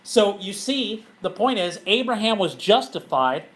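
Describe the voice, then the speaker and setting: A man, a pastor, teaching a Bible study to a group in a church, animated and often laughing as he asks questions. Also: high-pitched, a little slow, low-quality recording.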